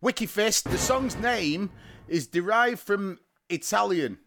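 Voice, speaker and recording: A man's voice: sits high, animated, takes it slowly, fairly bright tone, a little hiss or hum. A man hosting a comedic music podcast, chatting playfully and reading out song facts. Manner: playful, giggly, reads out facts. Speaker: podcast host. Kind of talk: casual comedy chat.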